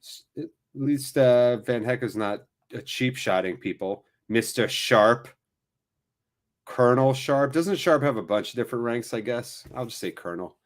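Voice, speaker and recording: Speaking unhurriedly in a medium-pitched voice, a man hosts a live watchalong of a match. His commentary is relaxed and jokey, peppered with wandering asides.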